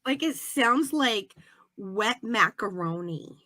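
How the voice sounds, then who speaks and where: A woman co-hosting a casual podcast chat, animated and laughing often, acting out what characters say. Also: a little high, slow pace, dry recording. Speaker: podcast co-host.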